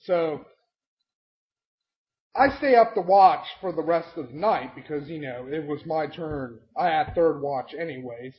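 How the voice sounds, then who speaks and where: A young man recapping a tabletop game session, excitable and swearing constantly as he tells the story. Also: on the high side, measured pace. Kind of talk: profane storytelling rant. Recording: dull lo-fi home mic.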